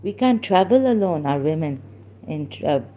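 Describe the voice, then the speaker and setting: A woman from Pakistan, telling a personal story in a halting way, full of restarts and fillers and the odd Urdu phrase. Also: deep voice, expressive, dark tone.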